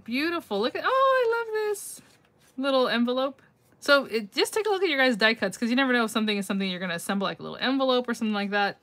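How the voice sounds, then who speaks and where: A woman's voice: a little high, lively intonation, rapid-fire, fairly bright tone. A middle-aged woman hosting a casual live craft-mail reveal on her phone, chatty and gushing, thinking aloud and laughing often as she answers viewer comments.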